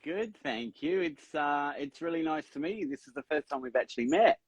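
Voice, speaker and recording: A man's voice: a little high, lively intonation, fairly quick, husky. A man hosting a casual podcast interview, talking in a rambling way and often correcting himself. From Australia. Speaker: podcast host.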